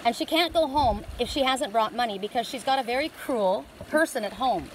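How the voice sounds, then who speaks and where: A woman's voice: fairly high pitch, expressive, brisk, a little hiss or hum, low-quality recording. A middle-aged woman giving a spiritual oracle card reading, talking in a rambling, heartfelt and emotional way.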